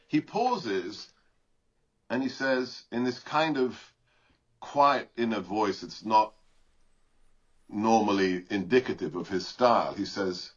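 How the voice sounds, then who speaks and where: Husky guy pushing back hard as an interview guest, dull lo-fi sound. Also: medium pitch, a bit bright. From Britain. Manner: combative and emphatic. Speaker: political commentator guest. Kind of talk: political interview commentary.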